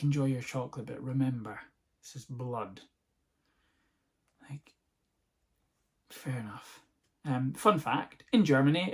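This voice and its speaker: Gravelly rambling man. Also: mid-range voice. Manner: rambling, sarcastic, swears freely. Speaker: podcast host. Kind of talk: casual comic monologue.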